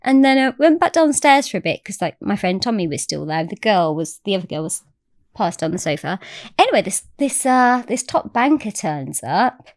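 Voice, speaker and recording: A woman's voice: mid-range voice, sing-song, normal speed, no room sound, studio quality. A woman telling a story as a podcast guest, chatty and swearing freely. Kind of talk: casual storytelling.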